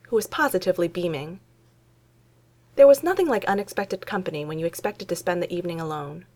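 A woman reading fan fiction aloud in a wry, relaxed storytelling manner. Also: on the low side. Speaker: reader.

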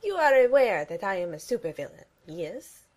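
A woman's voice: medium pitch, big pitch swings, normal speed, darkish tone. A woman voicing a pompous, dryly menacing male supervillain in a fan fiction reading. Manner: dry, theatrically threatening.

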